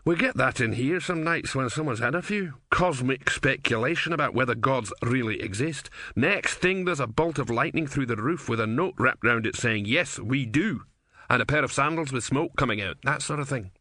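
A folksy tavern barman, as a male reader puts him on, rambling along in a matter-of-fact way. The voice is bright and forceful, heard close and dry. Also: mid-range voice, expressive, moderate pace, no room sound. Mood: chatty easygoing. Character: chatty folksy middle-aged male barman.

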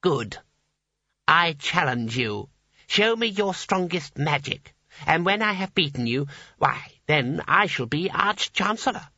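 A husky-voiced man voicing a cold, self-assured young boy who speaks flatly and slowly, with demands. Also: fairly high pitch, no room sound, voice pushed up, full character voice. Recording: dull lo-fi dry recording.

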